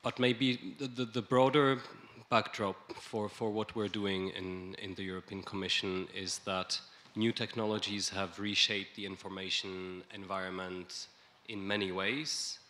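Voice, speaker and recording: A man speaking as a panelist at a conference, in a measured way with frequent restarts. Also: low voice, level tone, sharp tone. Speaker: panelist, EU official. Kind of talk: panel talk. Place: conference hall.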